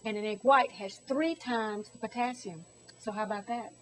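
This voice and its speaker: A woman's voice: fairly high pitch, normal speed, low-quality recording. A middle-aged woman hosting a home cooking demonstration, chatty and bubbly with theatrical exclamations. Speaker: cooking show host.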